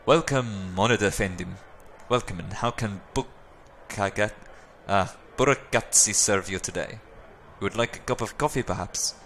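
A man's voice: on the low side, normal speed, a bit bright, a little hiss or hum. A man voicing a sly, fawning Turkish cafe owner in a video game, with an exaggerated Turkish accent and salesman's patter. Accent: exaggerated put-on Turkish. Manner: oily salesman patter, drops to conspiratorial murmurs. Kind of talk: reading a video game's dialogue aloud.

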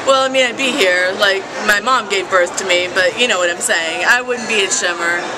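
A woman's voice: mid-range voice, normal speed, background noise. A woman wrestler giving an effusive tribute with a joking aside. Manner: effusive, joking self-correction. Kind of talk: recorded tribute message.

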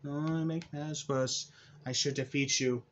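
A man cutting a rambling wrestling callout promo, halting and restarting often. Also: medium pitch, steady tone, fairly bright tone, lo-fi sound, a little hiss or hum. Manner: halting, with restarts and repeated words.

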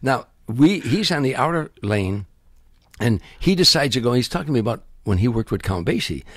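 Older male comedian guest, husky voice, acts out every character, dry close sound. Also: mid-range voice, brisk, dry recording. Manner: acts out other people's voices and sound effects, lively storyteller. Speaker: comedian guest telling stories. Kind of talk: animated anecdote telling.

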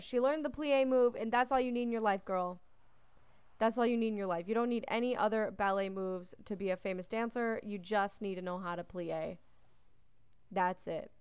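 A young woman narrating her own game playthrough in a relaxed, talkative way, often gushing over how cute things are. Her voice sits a little high and sounds smooth and clean. She reads the game's prompts out loud as she goes. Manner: chatty and gushing, coos over cute moments; reads on-screen game text aloud. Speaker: let's play host. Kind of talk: casual gameplay commentary.

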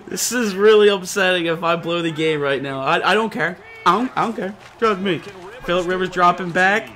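A young man giving excited, animated commentary over his own football video game, shouting and laughing at the big plays. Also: sits high, moderate pace, faint music behind. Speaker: gaming YouTuber.

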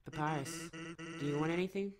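A man's voice: fairly high pitch, steady tone, a little fast, crowd noise. A man rambling through let's play commentary at his computer, full of self-corrections and fillers. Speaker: gamer.

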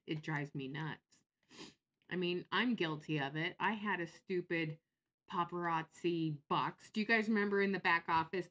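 A woman chatting on a casual livestream, sarcastic and quick to laugh as she reacts to viewers. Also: sits low, fairly bright tone.

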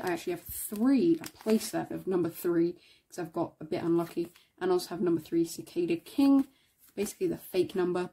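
Mellow-voiced woman casually listing items. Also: on the low side. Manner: casual, reads out list items one by one. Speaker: card collector showing a binder. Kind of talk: casual showcase commentary.

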